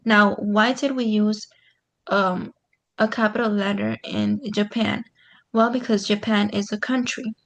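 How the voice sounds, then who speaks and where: Gravelly-voiced woman teaching grammar online. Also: medium pitch, fairly even intonation, measured pace. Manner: patient, explains step by step with many "um"s.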